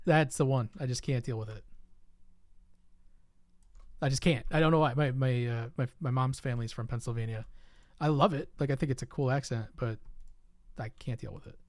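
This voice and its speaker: A man's voice: medium pitch, moderate pace, long pauses, no echo. Dry-voiced man musing aloud on stream. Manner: thinks aloud, musing and drawn out. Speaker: software designer streaming with a partner. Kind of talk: casual design discussion on a live stream.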